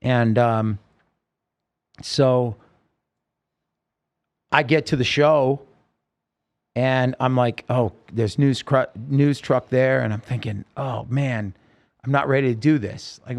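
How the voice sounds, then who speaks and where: A man's voice: medium pitch, fairly even intonation, unhurried, pauses often. A man, a singer-songwriter, telling his own story in a podcast interview, earnest and rambling with many restarts.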